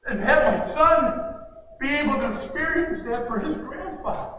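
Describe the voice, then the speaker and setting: A man preaching a sermon as pastor, blunt and impassioned, rising to shouts at times. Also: extremely high pitch, normal speed, dull audio. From United States. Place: church sanctuary. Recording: echoey church hall, mic far off, faint noise.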